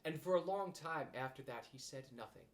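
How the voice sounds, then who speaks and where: A man reads a children's storybook aloud with animated expression. His voice sits a little high and swings widely in pitch. The reading is lively and playful throughout. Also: brisk. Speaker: audiobook reader.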